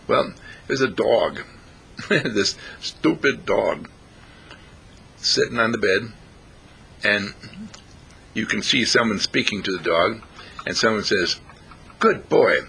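A man telling rambling, playful stories in a casual talk, clearing his throat often. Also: fairly low pitch, takes it slowly, pauses often, pushed and bright. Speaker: speaker.

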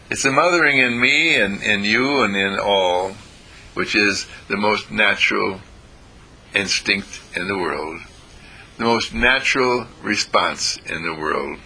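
A man leading a guided affirmation talk in a gentle way, repeating phrases. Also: lowish voice, slightly rough. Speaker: inspirational speaker.

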